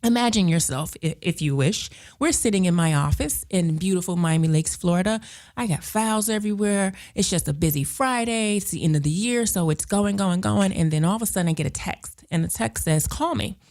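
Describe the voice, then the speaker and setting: A woman hosts a radio talk show in a monologue, with a voice that sits a little on the low side. She tells her stories in an animated way and slips into the voices of the people in them. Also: fairly quick. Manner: animated storyteller, acts out voices.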